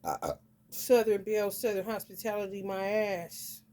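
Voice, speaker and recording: A woman's voice: medium pitch, fairly even intonation, moderate pace, dark tone. A woman giving a casual astrology vlog reading, blunt and profane, peppering her talk with "honey". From northern United States. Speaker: astrology reader. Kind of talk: casual spiritual vlog rant.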